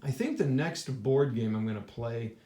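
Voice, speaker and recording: A man's voice: mid-range voice, normal speed, warm tone. A man casually thinking aloud as he reviews a board wargame he played, rambling and restarting his sentences with lots of fillers. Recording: echoey room.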